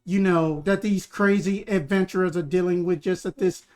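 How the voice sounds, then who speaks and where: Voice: medium pitch, steady tone, moderate pace, darkish tone. A game master narrating a tabletop game in a loose, rambling way, with lots of fillers and restarts and easy jokes with the players. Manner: easygoing, joking with players.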